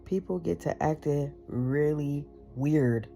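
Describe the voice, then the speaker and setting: A woman's voice: low-pitched, takes it slowly, gravelly, mellow, faint music behind. A woman in her thirties talking bluntly to camera in a candid personal monologue, emphatic and full of profanity. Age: 30s. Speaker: vlogger.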